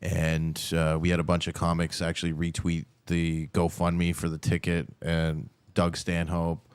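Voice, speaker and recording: A man from Canada, a comedian, tells stories in a casual, wandering way. His voice sits very low and has a smooth, resonant tone. The sound is dry and close. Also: monotone, measured pace, no room sound. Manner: loose, rambling storytelling with fillers. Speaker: comedian guest. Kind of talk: casual chat.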